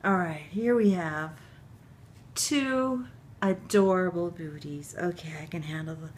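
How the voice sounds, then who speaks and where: A woman unboxing a gift package on her vlog, tearful and gushing, laughing through her tears and dropping into soft whispers. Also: fairly low pitch, unhurried, slight background noise. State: tearful, crying while talking. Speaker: vlogger opening a gift package.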